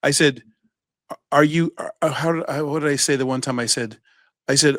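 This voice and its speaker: A man's voice: on the high side, fairly even intonation, a little fast, pauses often, a bit bright, dry recording. A man co-hosting a podcast, telling stories in a rambling, playful way and restarting his sentences often. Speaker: podcast co-host. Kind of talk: casual chat.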